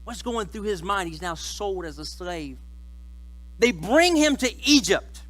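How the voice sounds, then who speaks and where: A man's voice: sits high, lively intonation, a little slow, a bit bright, poor audio. A man preaching a sermon in church, telling the story in a casual, joking way. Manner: conversational and joking. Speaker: pastor.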